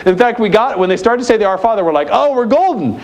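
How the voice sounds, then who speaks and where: A man's voice: sits high, very fast. Emphatic man giving a conference keynote. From United States. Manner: emphatic, repeats key points, asks the audience questions. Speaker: youth ministry conference presenter. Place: conference center hall.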